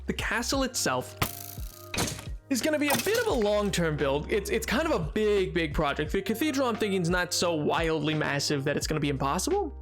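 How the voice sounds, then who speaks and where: A man's voice: sits high, big pitch swings, brisk, music in the background. A young man live-streaming a building game, rambling casually to his chat and joking at his own expense. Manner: rambling, self-mocking, talks to chat.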